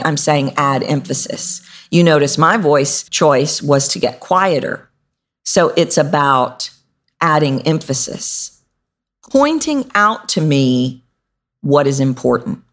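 A middle-aged woman with a low, deep speaking voice coaches listeners on a podcast. She is animated and demonstrative, often leaping up in pitch to stress a word before settling back down. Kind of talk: instructional podcast talk.

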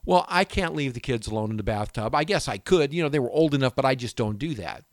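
A man's voice: medium pitch, fast, no room sound, studio quality. A man hosting a home and garden radio show, telling a rambling personal story in a casual way and often breaking off mid-sentence. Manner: animated, rambling, self-interrupting storyteller.

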